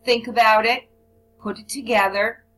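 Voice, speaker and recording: A woman's voice: on the high side, fairly even intonation, normal speed, a bit bright, low-quality recording. Woman teaching business English. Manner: reads example sentences aloud, then explains them. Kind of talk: recorded lesson on report writing.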